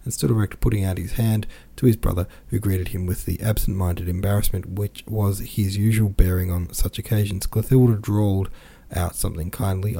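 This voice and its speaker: A man reading a classic novel aloud for a podcast, with quick asides of his own between passages. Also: low-pitched, gravelly, dark tone, breathy edge. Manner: reads with quoted dialogue and brief asides. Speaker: podcast reader.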